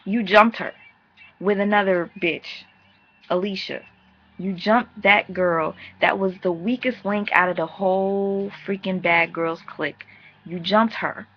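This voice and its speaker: Brash gravelly woman ranting a recap. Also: medium pitch, dull audio. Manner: brash, profane, sassy. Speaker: vlogger reviewing a reality show. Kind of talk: casual recap rant.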